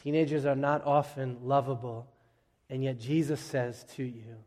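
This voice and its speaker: A man's voice: medium pitch, steady tone, normal speed, a little mellow. Man preaching in a reverberant church hall. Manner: conversational, humorous storytelling with acted-out quotes. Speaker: pastor. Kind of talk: sermon.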